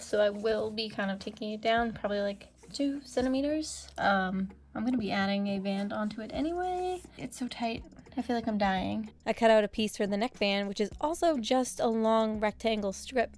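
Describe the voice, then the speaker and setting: A young woman narrating a sewing vlog in a casual voice-over, with deadpan, self-mocking jokes. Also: mid-range voice. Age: young adult. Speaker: sewing vlogger.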